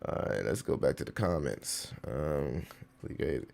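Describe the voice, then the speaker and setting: A man running a casual livestream, talking in a loose slangy way and dropping curses as he answers his chat. His pitch swings widely, from low mutters to sudden high bursts. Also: unhurried, gravelly. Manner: animated, slangy, swears, reads chat aloud. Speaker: crypto livestream host.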